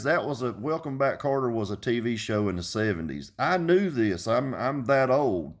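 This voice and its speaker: This is a man in his fifties with a plain, mid-pitched voice, venting straight to the camera. He talks bluntly, swears without pause and circles back over his points. His delivery is that of an unscripted video rant. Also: expressive. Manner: blunt, profane, repeats himself when heated. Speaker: car audio vlogger.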